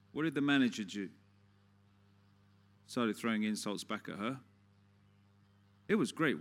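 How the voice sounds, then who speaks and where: Preacher with rhetorical questions. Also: male voice, medium pitch. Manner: conversational storytelling with rhetorical questions. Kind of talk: sermon.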